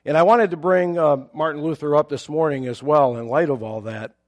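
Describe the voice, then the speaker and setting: A pastor preaching a sermon, explaining a Bible passage in a measured, teacherly way with occasional fillers. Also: male voice, a little high.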